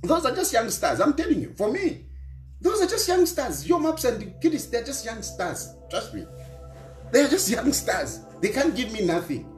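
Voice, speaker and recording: A middle-aged opposition politician from Zambia, speaking with a Zambian accent, delivers a scolding monologue at an opponent, lecturing, repeating phrases and his points, and weaving local words into English. His voice is very high and very animated at normal speed, with roomy echo and faint music in the recording.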